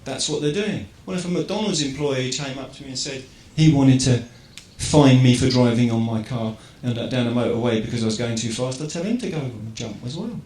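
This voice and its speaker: This English speaker's mid-range, slightly mellow voice runs fairly quick with hardly any pauses and fairly even intonation, over a little hiss or hum. Addressing a crowd in an echoey hall with faint ambience, he chats informally, posing rhetorical questions and checking in with "right?"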